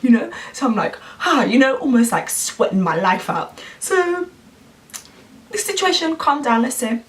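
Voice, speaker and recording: A woman, telling an animated story to camera in a vlog. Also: high-pitched, normal speed, far from the mic. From London, England. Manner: animated, acts out quoted voices. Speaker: vlogger.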